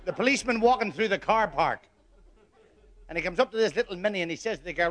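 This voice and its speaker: A man tells story jokes to a live comedy audience. His voice sits a little high. He builds each tale at an even, steady pace, then drops the punchline flat and deadpan. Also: quick pace, a faint crowd, slight background noise. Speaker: stand-up comedian. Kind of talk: stand-up comedy routine.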